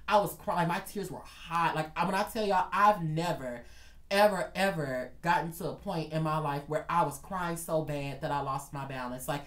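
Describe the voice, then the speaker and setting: A man telling a dramatic storytime vlog in an animated way, talking straight to his viewers. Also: fairly high pitch, echoey room. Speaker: vlogger.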